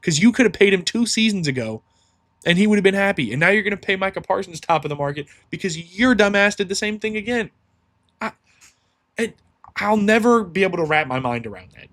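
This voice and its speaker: A man's voice: sits high, animated, brisk, fairly bright tone. A man hosting a solo sports podcast, ranting heatedly and swearing freely.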